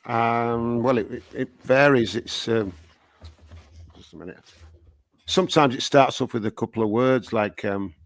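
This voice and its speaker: A male songwriter answers interview questions in a loose, playful ramble that is full of repeated words. His voice is medium-pitched and sits close and dry on the mic. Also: a little slow, pauses often, dry recording. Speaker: guest songwriter.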